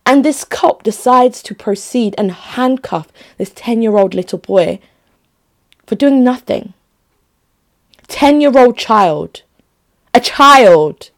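A woman's voice: fairly high pitch, expressive, slow, long pauses. A young adult woman chatting casually to her viewers, emphatic and often restarting her phrases. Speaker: vlogger. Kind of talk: casual talk to camera.

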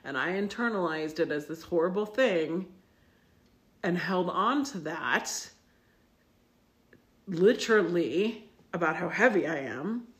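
Speaking slowly with long pauses, a woman co-hosting a podcast shares a personal story in casual conversation. Her voice is on the low side and expressive, and her telling is rambling and reflective, thick with fillers.

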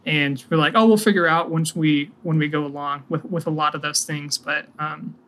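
A man's voice: fairly high pitch, steady tone, normal speed, a bit bright. A man co-hosting a podcast, giving earnest dating advice in casual chat. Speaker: podcast co-host.

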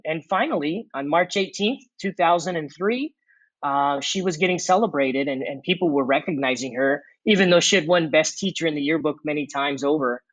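A man guest in an interview, earnestly telling a personal testimony with reflective pauses and fillers. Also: sits high, a bit bright, no echo, poor audio. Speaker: former corporate executive turned mission worker.

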